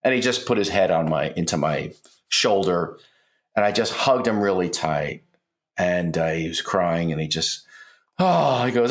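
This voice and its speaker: This podcast co-host, a man in his sixties, has a deep voice and talks a little slowly. Earnest and conversational, he shares family stories, and his voice rises when excitement takes over. The recording carries a roomy echo.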